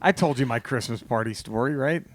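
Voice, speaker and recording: A man from Texas, a comedian and podcast host, telling a story in casual chat, animated and swearing, laughing through it. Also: mid-range voice, fairly quick, dry recording.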